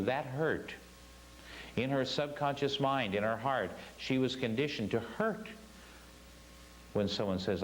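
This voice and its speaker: A man's voice: mid-range voice, unhurried, pauses often, slight background noise, rough recording. A man teaching a spiritual class, telling a story earnestly and stressing his points with repeated phrases.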